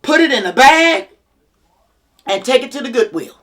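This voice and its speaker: Blunt, bright-voiced motherly woman. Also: sits high, animated, moderate pace. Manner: blunt, preachy, plain-spoken and emphatic. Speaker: motivational speaker, mother. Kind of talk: motivational talk to parents.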